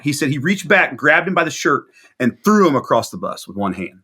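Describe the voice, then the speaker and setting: This musician guest has a husky, slightly high voice and talks fairly quickly. During a video interview he wanders through a lengthy story, animatedly voicing the people involved.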